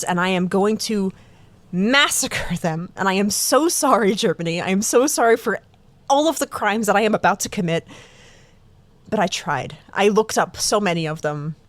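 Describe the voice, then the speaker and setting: A woman's voice: mid-range voice, moderate pace, no echo. A woman co-hosting a casual true-crime podcast, chatty and self-deprecating, laughing often. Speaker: podcast co-host.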